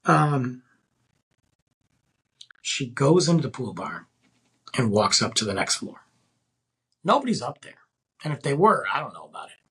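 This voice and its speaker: A man's voice: mid-range voice, measured pace, long pauses, slightly rough. A man hosting a podcast, telling a story in a chatty, casual way and talking straight to his listeners. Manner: animated, chatty, addresses listeners as guys. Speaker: podcast host.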